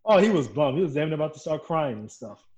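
A man, a pro wrestler guest telling backstage stories in a casual interview, animated, laughing and swearing as he goes. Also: a little high, fast talker.

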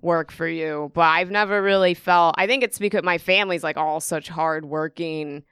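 A woman comedian talks through stories in a relaxed chat and acts out the people in them as she goes. Her voice is bright and crisp, and the sound is dry and close. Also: on the low side, moderate pace, no echo. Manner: animated storytelling, acts out quotes. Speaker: stand-up comedian. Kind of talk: casual podcast chat.

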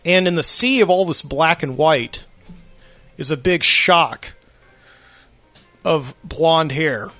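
A man's voice: a little high, lively intonation, takes it slowly, pauses often, bright, forceful tone, no room sound, soft background music. A man hosting a late-night solo podcast from a studio, telling a long rambling story with lots of fillers. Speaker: podcast host.

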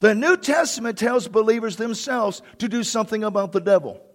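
A pastor preaching a fervent sermon and reading a story aloud to his congregation, at times bursting into shouts. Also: high-pitched, fairly quick.

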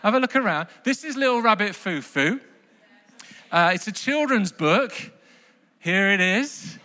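A man preaching a lively sermon to a congregation, telling a children's story with big bursts of mock outrage. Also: sits high, a little slow. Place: large hall with long reverb. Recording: live sermon in a reverberant hall.

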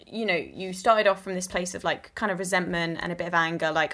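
Lively London woman improviser. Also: lowish voice, fast, few pauses. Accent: London English. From South East London. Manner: animated, acts out quotes in raised voice. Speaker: improviser guest. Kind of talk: casual podcast chat.

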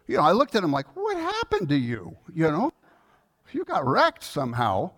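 A male pastor preaching a sermon in a conversational, earnest way, telling a personal story with fillers and restarts, and growing soft and quiet in tender moments. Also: huge pitch swings, normal speed. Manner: softens and lowers his voice in tender moments.

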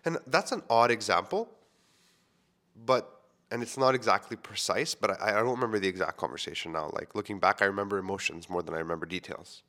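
Podcast host, thirties, from Quebec; lowish, loose storyteller who rambles with fillers. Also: male voice, a little fast, pushed and bright. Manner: casual, rambling, many "like" fillers. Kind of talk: personal storytelling.

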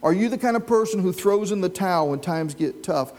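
The preacher's voice sits high and has a darkish tone, and he speaks expressively and a little fast. He tells stories and asks questions of a live congregation during his church sermon.

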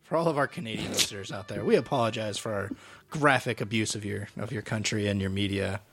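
A man's voice: lowish voice, fast talker, fairly bright tone, slight background noise. A man on a casual podcast, tossing in blunt, crude quips. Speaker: podcast co-host.

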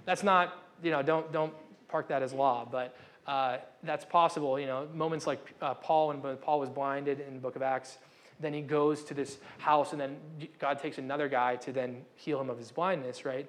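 A man's voice: medium pitch, steady tone, brisk. A young man giving a casual, conversational sermon as pastor, often breaking off mid-sentence and acting out quotes. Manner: conversational, self-interrupting, acts out quotes.

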